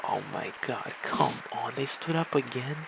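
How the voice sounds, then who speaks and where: A man's voice: medium pitch, expressive, a little slow, vocal fry, crowd noise, noisy background. A man from Russia giving a ranting reaction commentary, incredulous and sarcastic, often stumbling over restarts.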